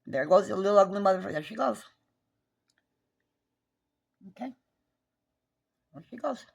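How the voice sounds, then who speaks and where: A woman's voice: mid-range voice, expressive, moderate pace, gravelly, slightly rough. A woman, recounting a neighbor dispute in an agitated, profane, repetitive rant. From New Mexico. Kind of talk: angry recounting vlog.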